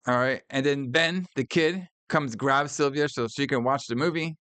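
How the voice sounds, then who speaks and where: Bright-voiced man recapping a film casually. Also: medium pitch, moderate pace, no room sound. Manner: animated, profane, acts out quoted lines. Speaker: podcast co-host. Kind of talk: casual movie recap chat.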